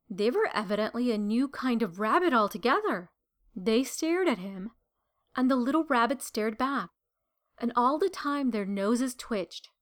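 A woman narrating a children's story aloud in a gentle, measured and expressive way. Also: a little high.

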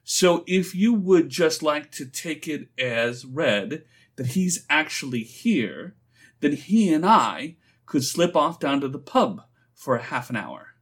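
Man doing a sly, coaxing smooth talker. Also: a little high, sing-song, slow, exaggerated voice. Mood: patient. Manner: patient, persuasive, coaxing. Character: sly, smooth-talking young man, a scheming friend.

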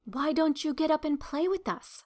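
A woman voicing a bold wild rabbit who teases and scorns, in a higher, brighter voice. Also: moderate pace, close to an everyday voice. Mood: teasing. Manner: taunting, lively. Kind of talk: storybook character voice.

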